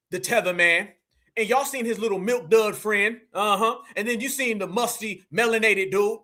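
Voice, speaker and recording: A Southern US man hosts a live reaction stream with a very high, bright voice. He talks in brash, preachy street slang and keeps his energy up. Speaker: livestream host.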